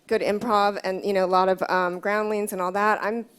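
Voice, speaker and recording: A woman's voice: mid-range voice, little pitch movement, a little fast, a bit bright, smooth. A woman who works as a commercial agent, speaking frankly and chattily on a panel. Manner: chatty, frank, many fillers. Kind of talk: panel discussion.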